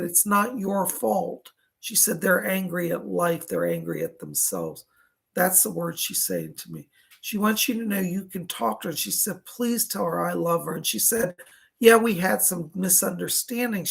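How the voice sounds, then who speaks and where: A man working as a psychic medium, giving live readings online and passing on messages. He often breaks off with "hold on" and sometimes coughs or clears his throat between readings. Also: high-pitched, a bit bright.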